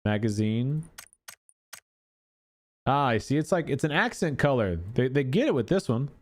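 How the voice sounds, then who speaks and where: A man's voice: medium pitch, lively intonation, normal speed. A man giving casual gameplay commentary as a gaming YouTuber, thinking aloud in a chatty way with many filler words.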